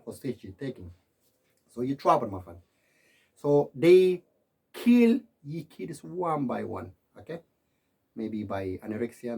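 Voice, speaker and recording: A man giving an emphatic, preachy monologue, repeating himself and swinging from loud to quiet. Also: medium pitch, vocal fry, breathy edge. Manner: repetitive, keeps saying "my friend" and "okay".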